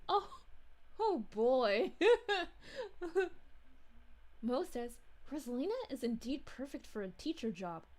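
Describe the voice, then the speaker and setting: A woman's voice: a little high, very animated, unhurried, a little mellow. A woman voicing a cheerful, motherly space princess, reading live-stream chat in character with bubbly, giggly, gushing thanks.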